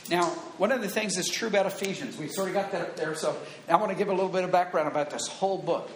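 High-voiced preacher in an echoey hall. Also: male voice, fast talker, a little hiss or hum. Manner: earnest teaching, quoting scripture, emphatic repetition. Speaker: pastor. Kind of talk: sermon. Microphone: wired handheld or lapel mic. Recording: echoey room with faint ambience.

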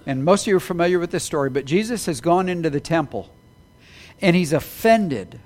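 Man, pastor, high-pitched voice, animated sermon delivery. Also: brisk. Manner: animated, rising to emphatic peaks, apologetic asides.

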